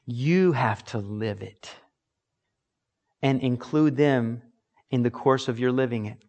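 A man's voice: medium pitch, slow pace, darkish tone. A man preaching a sermon as pastor, earnest and emphatic, acting out little examples.

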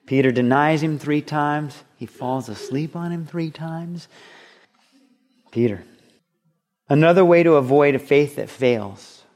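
A man's voice: a little high, a little slow, pauses often, a little mellow. A man preaching a sermon as a pastor, earnest and conversational, with touches of humor.

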